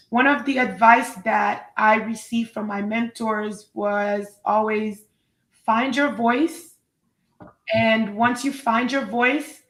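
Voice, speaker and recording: A woman's voice: medium pitch, fairly bright tone, reverberant, poor audio. A woman hosting a live online talk show, effusive and upbeat as she introduces her guest. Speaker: host.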